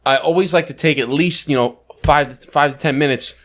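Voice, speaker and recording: A man's voice: fairly high pitch, brisk, fairly bright tone. A man co-hosting a podcast in casual chat, talking emphatically and swearing freely. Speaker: podcast co-host.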